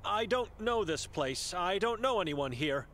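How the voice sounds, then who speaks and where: A man's voice: high voice, lively intonation, a little slow, a bit bright, a little hiss or hum. An actor playing a monk from Hungary who searches for his missing sister, asking polite, anxious questions. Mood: uneasy.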